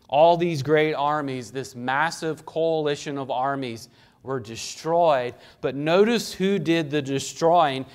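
Male pastor preaching verse by verse, smooth clear voice, chatty, keeps asking the room questions. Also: a little high. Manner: conversational, asks the congregation questions, acts out voices. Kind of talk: expository sermon.

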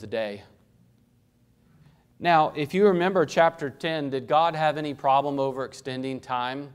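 A man's voice: medium pitch, smooth. A male pastor preaching an expository sermon in a conversational way, asking the congregation questions and acting out voices.

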